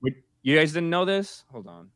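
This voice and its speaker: A man's voice: on the high side, sing-song, moderate pace, a bit bright. A man guesting on a podcast in casual chat, rambling and emphatic with many restarts.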